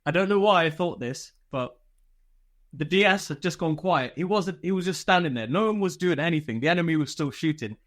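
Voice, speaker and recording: This British army veteran, a guest on a podcast, tells casual stories full of swearing and laughter. His voice is a little high, expressive and a bit bright, and he speaks fairly quickly.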